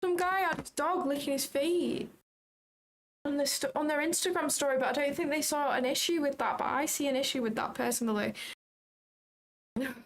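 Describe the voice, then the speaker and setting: Excitable young woman, high voice. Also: normal speed, long pauses, rough recording. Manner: chatty, excitable, swears casually. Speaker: livestream trading host. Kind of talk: casual live commentary.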